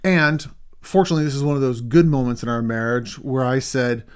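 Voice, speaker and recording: A middle-aged man, a counselor, telling a story in a casual conversation with his wife, animated when he reenacts things. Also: medium pitch, a little fast, smooth.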